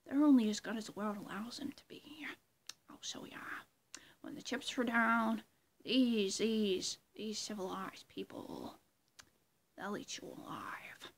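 A woman impersonating an unhinged male villain clown in a whispered role-play, with a breathy, hissing whisper and slow, sinister taunting. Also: medium pitch, animated. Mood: menacing whisper.

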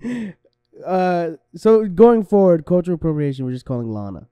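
A high-pitched man co-hosts a casual comedy podcast with a mellow, smooth tone. He giggles a lot, stumbles over his words and keeps firing off questions, recorded dry and close. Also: big pitch swings, normal speed, no echo. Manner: giggly, stammering, asks lots of questions. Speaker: podcast co-host.

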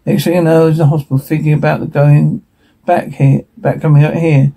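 A man reading a TV episode transcript aloud in a hurried way, stumbling and restarting words now and then. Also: fairly high pitch, level tone, creaky, warm tone, husky, low-quality recording. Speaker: reader.

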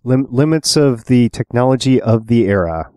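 A man co-hosts a podcast in a casual, chatty way, passing along behind-the-scenes trivia and laughing often. His voice sits at an ordinary pitch for a man. The sound is dry and close to the mic. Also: animated, moderate pace, a little mellow, no room sound. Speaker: podcast co-host. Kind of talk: casual chat about films.

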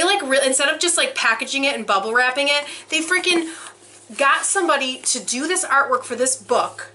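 Gushing excited young woman vlogger. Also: sits high, a little hiss or hum. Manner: gushing, breathless, frequent exclamations. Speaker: vlogger unboxing a subscription box. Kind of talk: excited unboxing vlog.

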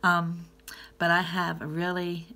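A woman from Gloucester, Massachusetts, with a Gloucester accent, giving her opinions in a casual vlog. Her voice sits very low with a gravelly edge. She rambles and laughs between her phrases. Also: completely flat delivery, measured pace, pushed and bright. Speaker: vlogger.

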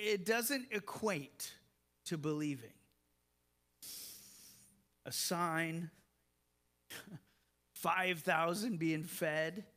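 Slow, bright-voiced man preaching. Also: a little high. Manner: slow and emphatic, with soft laughs and repeated words. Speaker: pastor. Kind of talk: sermon.

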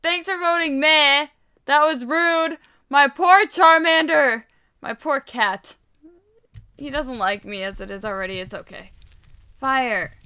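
A woman giving casual gameplay commentary while she builds, excitable and rambling, poking fun at herself. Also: sits high, slow pace. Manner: excitable, rambling, self-mocking. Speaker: Minecraft video creator.

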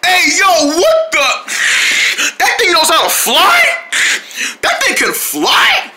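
An amateur performer voicing Milky, a brash cartoon character who yells, taunts and makes mock sound effects. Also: extremely high pitch, wildly swooping pitch, takes it slowly, noisy background, full character voice. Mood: taunting. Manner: frantic outbursts, yelling, mock sound effects.

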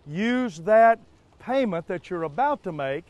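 A man's voice: high-pitched, expressive, a little slow, darkish tone, lo-fi sound. A man hosting a car dealership TV spot, pushing deals in a repetitive way, checking in with "all right?" and "okay?". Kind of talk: live car sales pitch. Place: car lot outdoors.

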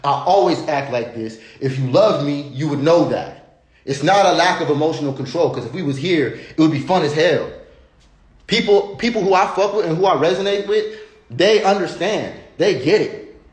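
A man's voice: on the high side, lively intonation, moderate pace, echoey room. A young man in a passionate, swearing monologue, preaching at his viewers and calling them bro. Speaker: online personality.

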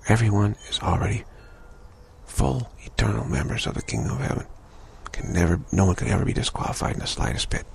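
Gravelly deep-voiced male spiritual teacher. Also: fast talker, slight background noise. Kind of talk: spiritual talk.

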